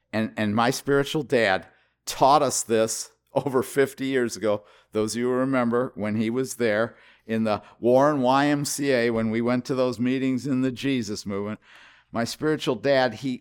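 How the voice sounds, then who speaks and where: A man's voice: mid-range voice, clean tone. An older man preaching a sermon as pastor at a church service, impassioned, repeating his questions with rising emphasis.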